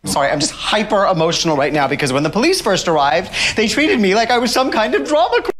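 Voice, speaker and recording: An actor playing a fussy, overdramatic office worker in a sitcom, talking fast and shrill. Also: male voice, big pitch swings, fairly bright tone. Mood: flustered. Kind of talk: sitcom acting.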